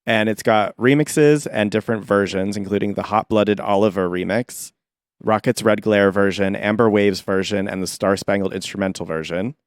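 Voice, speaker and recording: Male co-host, wry casual chat, lower voice. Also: fairly even intonation, moderate pace, clear, resonant tone, no room sound, clean studio sound. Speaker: podcast co-host.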